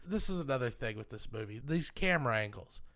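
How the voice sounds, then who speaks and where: A man's voice: medium pitch, expressive, fast talker, fairly bright tone. A man co-hosting a casual film podcast, giving emphatic, enthusiastic opinions on how a movie was shot. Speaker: podcast co-host.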